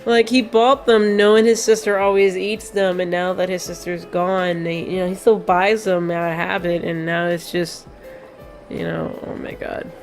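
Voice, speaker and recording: A woman's voice: on the low side, level tone, moderate pace, faint music behind. A young woman giving rambling, sentimental commentary on a game as a let's play host, with many fillers. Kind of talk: casual gameplay commentary.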